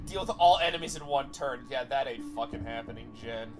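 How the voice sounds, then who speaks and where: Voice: mid-range voice, a little fast, over music. A streamer playing a game live, chatting casually and teasing with dry jokes.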